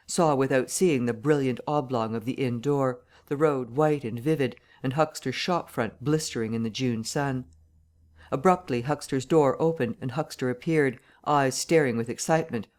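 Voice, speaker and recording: A man narrating a classic novel audiobook in a measured, even reading. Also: mid-range voice.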